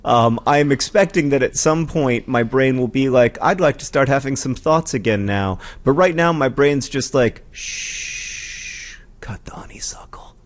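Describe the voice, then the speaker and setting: A man's voice: mid-range voice, moderate pace, hardly any pauses. A man in his forties co-hosting a casual comedic chat, rambling with lots of ums and restarts. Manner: rambling, self-deprecating, many ums and restarts. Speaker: podcast co-host. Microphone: studio mic with headphones.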